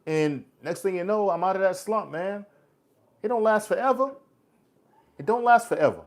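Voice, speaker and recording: A man's voice: high-pitched, lively intonation, normal speed. Forties male livestream host, blunt and preachy, casual street talk. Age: 40s. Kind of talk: casual live chat reading comments.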